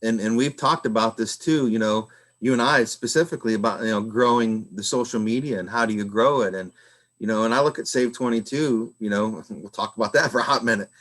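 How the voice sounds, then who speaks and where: A man's voice: lowish voice, fairly quick, a bit bright. A man hosting a podcast, talking in a rambling, casual way full of filler phrases. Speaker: podcast host. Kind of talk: casual conversation.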